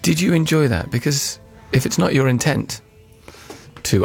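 A man's voice: medium pitch, expressive, normal speed, vocal fry, husky, soft background music. A man interviewing a musician, asking loose, conversational questions. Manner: conversational, loose, acts out quotes in his questions.

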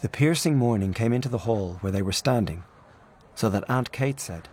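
A man reading a literary story aloud in a measured, expressive narration. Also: deep voice, slightly rough. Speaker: audiobook narrator.

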